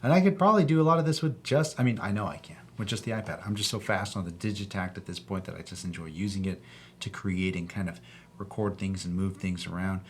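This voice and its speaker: A young man making a beat and talking through it in a casual, laid-back, slangy way, thinking out loud as he goes. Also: low-pitched, quick pace, a little hiss or hum. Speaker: music producer and video host. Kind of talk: casual tutorial talk while making a beat. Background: loud electronic beat playing.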